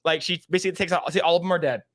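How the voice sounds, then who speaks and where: Man, high voice, animated, swears a lot, acts out scenes, dry close mic. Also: racing, no echo. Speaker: podcast co-host. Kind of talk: casual chat.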